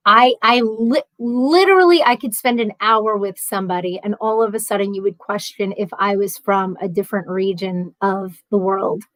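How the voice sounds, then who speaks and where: A woman's voice: mid-range voice, dry recording. A woman with a New York accent chatting casually as a livestream host, reading chat messages aloud and rambling with frequent laughs.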